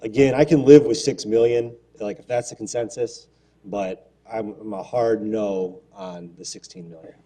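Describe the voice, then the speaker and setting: A man's voice: fairly low pitch, fairly even intonation, moderate pace, mellow. A man on a city council giving his view in a meeting, hesitant with many fillers but firm in his stance. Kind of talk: council debate.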